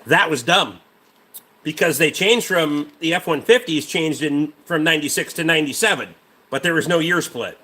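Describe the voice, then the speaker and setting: A man's voice: on the high side, expressive, normal speed, bright, forceful tone. A man hosting a casual livestream, a mechanic rambling about truck parts and swearing freely while answering chat.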